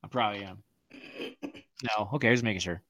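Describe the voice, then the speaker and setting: A man's voice: lowish voice, brisk, a bit bright. A man co-hosting a podcast, chatting casually in a blunt, heavily profane way. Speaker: podcast co-host. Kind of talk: casual chat.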